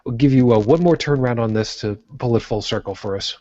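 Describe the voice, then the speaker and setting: A man co-hosting a casual podcast who keeps things moving with dry, teasing asides. His voice sits at a middle pitch. It comes through a dull lo-fi call line. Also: fast, mellow. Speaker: podcast co-host. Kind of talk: casual group chat over a card game.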